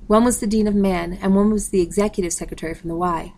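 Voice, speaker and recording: A woman's voice: medium pitch, fairly even intonation, fast, darkish tone, natural voice. A woman reading aloud, voicing a reserved young man in a storybook. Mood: guarded. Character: young man, reluctant older brother.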